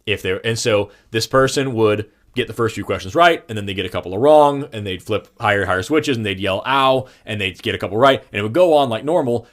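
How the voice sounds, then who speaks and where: A man's voice: lowish voice, a bit bright. A man co-hosting a podcast, telling a long story in casual chat, with many fillers and restarts. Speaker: podcast co-host.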